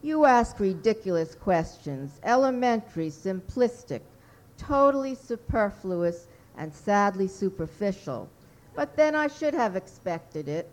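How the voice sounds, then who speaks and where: A woman's voice: medium pitch, big pitch swings, measured pace, darkish tone. A woman voicing a pompous, impatient little male baron in a read-aloud story, with a grandiose, condescending manner.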